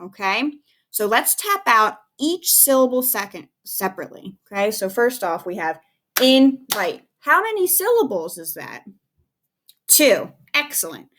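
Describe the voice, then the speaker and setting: A woman's voice: fairly high pitch, sing-song, moderate pace, bright, forceful tone. A woman teacher giving a recorded phonics lesson to young children, patient and encouraging, spelling words out letter by letter.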